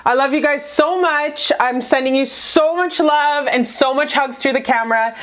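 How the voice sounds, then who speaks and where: Brief: young woman tarot reader, a little high-pitched, gushing, emotional, swears a lot. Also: moderate pace, fairly bright tone. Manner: effusive, emotional and profane, repeats "you guys". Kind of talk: love tarot reading to camera.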